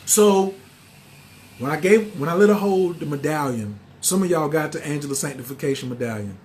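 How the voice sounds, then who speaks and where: A man, telling a story in a slangy, animated way. He acts out the other voices as he goes. A faint hiss sits under the recording. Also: a little high, brisk. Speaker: spiritual teacher. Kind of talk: casual storytelling monologue.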